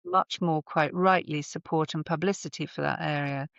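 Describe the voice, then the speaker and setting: A woman's voice: deep voice, fairly even intonation, moderate pace, vocal fry, no echo. Thoughtful woman voice therapist. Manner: thoughtful, demonstrative, explains with examples. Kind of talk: explanatory conversational interview. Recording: slightly dull remote audio.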